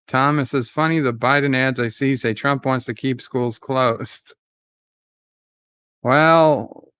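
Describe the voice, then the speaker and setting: A man giving live commentary on a debate. He paraphrases the speakers, reads out viewer chat and gets excitable at times. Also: medium pitch, clear, resonant tone, no echo.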